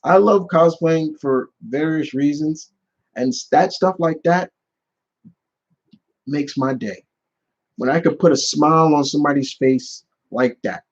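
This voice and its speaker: A man's voice: a little high, measured pace, pauses often. Guy rambling through stories on his live q&a, kinda muffled lo-fi mic. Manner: rambling storyteller with many restarts and fillers. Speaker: channel host answering live questions. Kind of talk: casual live Q&A chat.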